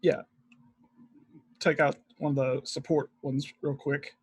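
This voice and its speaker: A man's voice: on the high side, little pitch movement, takes it slowly, husky. A man playing a tabletop game, calling out his moves and dice rolls in a matter-of-fact way. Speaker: player. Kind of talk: casual tabletop game play.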